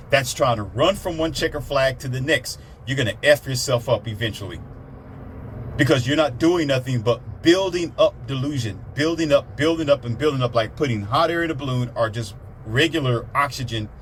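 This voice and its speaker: A man's voice: medium pitch, fairly bright tone, slight background noise. A man giving a blunt, preachy motivational monologue, repeating himself to drive points home. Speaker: motivational speaker.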